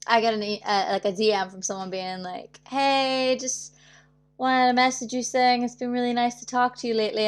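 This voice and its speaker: A young woman chatting casually on her livestream, telling stories in a chatty way, acting out other people's voices and laughing often. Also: fairly high pitch. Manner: chatty storytelling, acts out quoted voices, frequent laughs. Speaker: singer hosting her weekly livestream.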